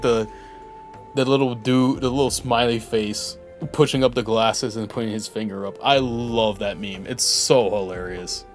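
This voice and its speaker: A young man streaming a game, rambling casually and joking at himself. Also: mid-range voice. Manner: rambling, self-deprecating, reads game text aloud. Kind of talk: casual gameplay commentary.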